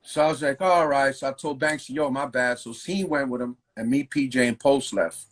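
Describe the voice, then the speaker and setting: Husky New man telling stories. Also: mid-range voice, moderate pace, poor audio. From New York. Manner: loose and profane, full of fillers and slang. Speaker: graffiti writer, interview guest. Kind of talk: casual storytelling interview.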